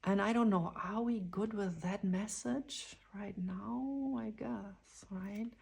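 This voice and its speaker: A woman giving a dreamy, spontaneous channeled tarot reading, drifting into whispers and excited exclamations. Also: mid-range voice, takes it slowly, gravelly, husky. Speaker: tarot reader.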